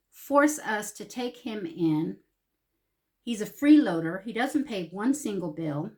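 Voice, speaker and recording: A woman beauty vlogger telling a story in a casual, salty way while doing her makeup in her home makeup room, laughing often and putting on voices for the people she quotes. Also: medium pitch.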